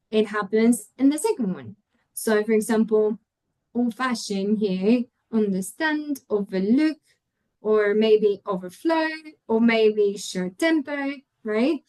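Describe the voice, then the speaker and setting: A woman whose first language is Spanish teaches pronunciation in a webinar, speaking slowly and with care. Her voice sits fairly high. She models example words one by one and keeps checking in with the listener. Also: poor audio. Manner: patient explaining, models example words aloud, frequent tag questions. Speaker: English teacher trainer. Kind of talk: webinar lecture.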